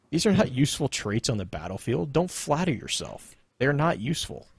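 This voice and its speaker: A man's voice: mid-range voice, creaky, breathy edge, dry recording, exaggerated voice. A man reading aloud as a smug, condescending male robot soldier who lectures sardonically. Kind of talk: dramatic lore reading.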